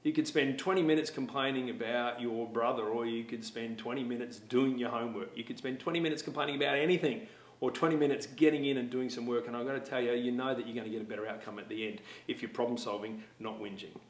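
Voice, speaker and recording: A man's voice: medium pitch, fairly even intonation, fast. A middle-aged man, talking to students about attitude and telling stories. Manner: storytelling, acts out voices. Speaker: motivational speaker for schools. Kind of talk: talk to students. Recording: echoey room.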